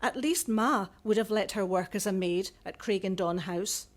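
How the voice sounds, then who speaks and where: Una autora que lee en voz alta su novela juvenil, con un tono pausado y narrativo. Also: female voice, mid-range voice. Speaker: author. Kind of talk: reading aloud from a novel.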